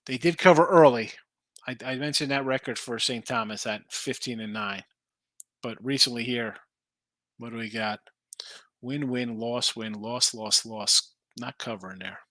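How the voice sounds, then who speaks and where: Animated man talking betting picks. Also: mid-range voice, measured pace, dry recording. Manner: animated, rambling, thinks aloud over betting lines. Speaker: sports betting show host. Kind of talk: casual live-stream chat reading viewer picks.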